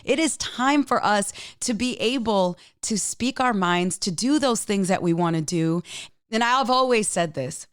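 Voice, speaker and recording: A woman's voice: mid-range voice, animated, measured pace, clear, resonant tone, dry recording, clean studio sound. A woman hosting her own podcast, talking earnestly and emphatically straight to the listener in a motivational solo talk, getting choked up with emotion. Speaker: podcast host.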